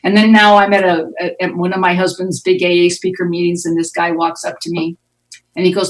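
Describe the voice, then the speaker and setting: A woman's voice: on the low side, level tone, fairly quick, recorded from a distance, low-quality recording. Middle-aged woman, recovery meeting share, wry blunt storyteller, voice set back from the mic, online conference audio. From United States. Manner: frank, wry storyteller who acts out quoted voices. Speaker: Al-Anon speaker.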